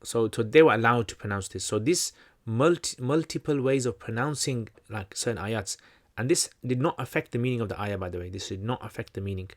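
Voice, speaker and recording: A man's voice: mid-range voice, brisk, few pauses. A man hosting a livestream Q&A, teaching in a loose, conversational way, full of fillers and restarts. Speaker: channel host answering questions.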